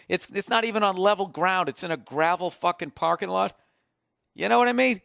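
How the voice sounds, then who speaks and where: A man's voice: sits high, a little fast, creaky, no echo, clean studio sound. A man in his forties telling a comic story on his podcast, cursing freely and acting out both sides of an argument. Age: 40s. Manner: profane, animated rant with acted-out quotes. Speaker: podcast host. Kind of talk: casual comedic storytelling.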